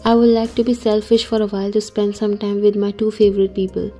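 A woman's voice: medium pitch, little pitch movement, quick pace, faint music behind, natural voice. A woman reading as a loving young husband. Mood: affectionate. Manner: soft, affectionate. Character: affectionate young husband and company boss.

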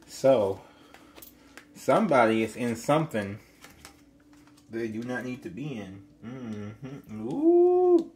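A man talking casually to his viewers as he gives a tarot reading. He chats, exclaims, and breaks into sudden high squeals. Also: slow pace, pauses often, slight background noise. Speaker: tarot reader.

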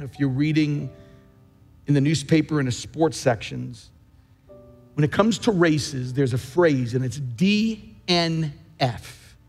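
A man's voice: a little high, a little mellow. Emphatic preaching man in a big hall. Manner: emphatic, repeats key phrases. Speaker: pastor. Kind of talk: sermon. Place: large church.

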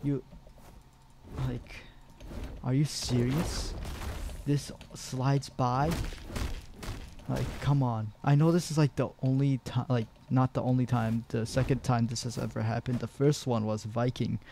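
A man's voice: mid-range voice, steady tone, measured pace, dark tone, slight background noise. A young man giving a rambling, frustrated commentary over gameplay, full of fillers and restarts. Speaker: gaming video creator.

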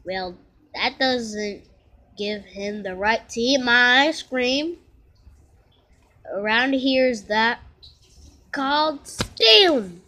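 Casting note: fussy, insistent boy, voiced by a woman reader, raised and slow. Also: high voice, fairly bright tone, pitched above the performer's own voice. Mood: indignant. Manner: complaining, insistent. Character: indignant boy fussing over ice cream.

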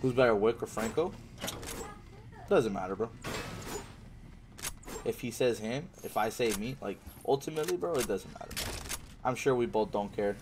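A man's voice: mid-range voice, lively intonation, normal speed, long pauses, noisy background. A male livestreamer casually reading viewer chat aloud and answering it while he plays, in a slangy way. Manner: reads viewer chat aloud and answers, slangy, says "bro" and "man" often.

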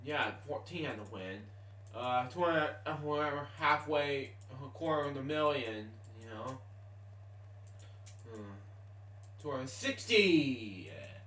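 A man's voice: mid-range voice, animated, takes it slowly, pauses often, fairly bright tone, far from the mic. A man giving casual gameplay commentary at home at night, muttering with exasperated groans and keeping his voice down so others can sleep. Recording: echoey room, voice off-mic.

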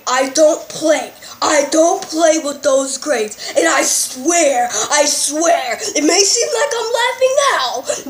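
A woman's voice: high-pitched, a little hiss or hum. A woman playing a strict, ranting dad. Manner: slow, drawn-out scolding with sudden shouts. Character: strict ranting father scolding his son. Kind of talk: comedy sketch acting. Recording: roomy echo.

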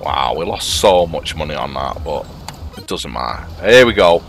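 A man talks over a video game in a low, deep voice. He mutters half to himself and repeats words as he plays. Faint music runs quietly behind him. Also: big pitch swings, normal speed. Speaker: gameplay commentator. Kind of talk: casual gameplay commentary.

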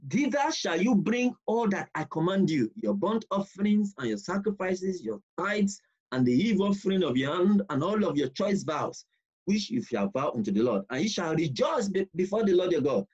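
A man teaching a bible study, emphatic and repetitive, reading scripture slowly and deliberately. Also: sits high, darkish tone, husky. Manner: emphatic, repeats key points, reads scripture slowly. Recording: dull lo-fi recording.

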